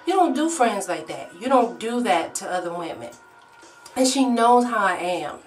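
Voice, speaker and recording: A woman vlogger telling a story to her own camera, animated and swearing, acting out shouted quotes. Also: mid-range voice, normal speed, far from the mic, soft background music. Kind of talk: storytime vlog.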